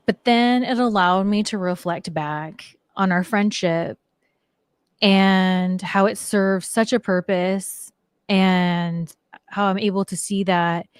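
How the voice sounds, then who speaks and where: A woman's voice: medium pitch, steady tone, takes it slowly, clean tone, no room sound. Chatty woman, dry studio voice. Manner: chatty, many "like" fillers. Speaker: guest. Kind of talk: casual storytelling interview.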